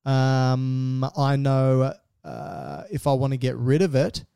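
Mellow, playful male podcast co-host. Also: mid-range voice, expressive, slow, gravelly, clear, resonant tone, no room sound, studio quality. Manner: playful, laughs often. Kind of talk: casual podcast banter.

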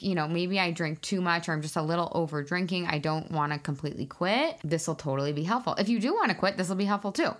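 A woman hosting her own podcast as a weight loss coach, chatting in a bubbly, excitable way full of fillers. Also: lowish voice. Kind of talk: casual solo podcast talk.

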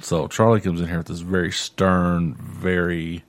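A man's voice: sits low, little pitch movement, a little slow, no echo. A father telling a family story in casual conversation, with a dry storytelling manner. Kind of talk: casual chat.

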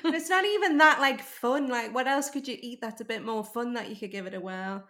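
A woman's voice: a little high, brisk, a bit bright. A woman with a Geordie accent from North East England, hosting a podcast interview in a chatty, easy way and laughing often. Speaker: podcast host. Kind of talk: casual interview chat.

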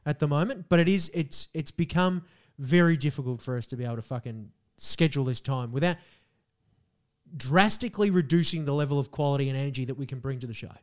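An Australian man co-hosting a podcast, chatting casually, blunt and animated, swearing often. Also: mid-range voice, fast talker. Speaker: podcast co-host. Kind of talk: casual chat.

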